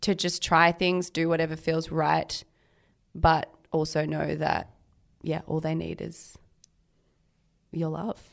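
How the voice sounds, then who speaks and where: A woman's voice: low voice, monotone, slow pace, vocal fry. A woman co-hosting a podcast, a mother talking in a reflective, thoughtful way in casual chat, with frequent "like" fillers. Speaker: podcast co-host.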